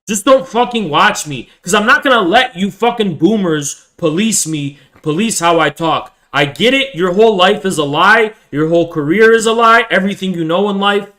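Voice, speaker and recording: A man's voice: high-pitched, animated, normal speed, few pauses, bright, forceful tone. A man in his twenties streaming live, ranting at viewers in a profane, hectoring way and repeating himself. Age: 20s. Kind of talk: angry livestream rant.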